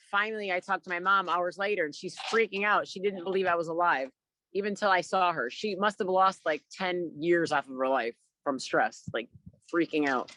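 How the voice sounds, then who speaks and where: A middle-aged man telling his own story over a video call, animated and full of fillers, acting out what people said. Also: sits high, a little hiss or hum, rough recording. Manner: animated, acts out quotes, many fillers. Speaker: guest speaker. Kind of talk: personal storytelling to a remote audience. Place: outdoors by the water.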